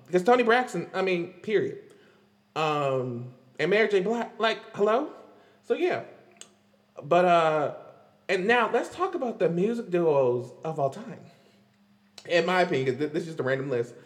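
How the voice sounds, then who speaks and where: High-voiced chatty podcast man. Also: normal speed, pauses often, long reverb tail. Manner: chatty, animated, laughs often, lots of fillers. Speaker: podcast host. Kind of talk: casual pop-culture commentary.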